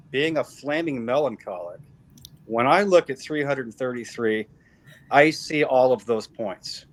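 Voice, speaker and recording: A man's voice: mid-range voice, a bit bright, poor audio. A middle-aged man giving a personal faith testimony as an interview guest, telling it emphatically and repeating phrases for weight.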